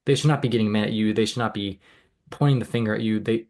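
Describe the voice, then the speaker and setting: A man's voice: on the low side, fairly even intonation, fast, a little mellow. A man who works as a health care provider, co-hosting a podcast in casual chat, earnest and emphatic. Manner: earnest, emphatic, with frequent restarts.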